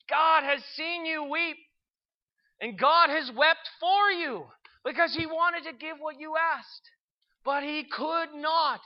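A storyteller voicing a radiant angel who brings good news, gentle and slow. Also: sits high, dull audio, pitched above the performer's own voice.

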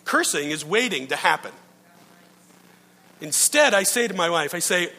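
High bright-voiced male pastor in reverb. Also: sing-song, moderate pace, pauses often. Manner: storytelling, checks in with listeners, self-mocking. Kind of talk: conversational sermon. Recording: long reverb from a large hall.

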